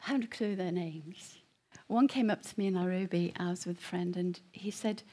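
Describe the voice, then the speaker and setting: A middle-aged woman tells her conversion story to a congregation. Her voice is breathy and husky. She swings between near-whispered, hushed passages and loud, emphatic bursts. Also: lowish voice, brisk. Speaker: guest speaker giving testimony. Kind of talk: personal testimony to a congregation.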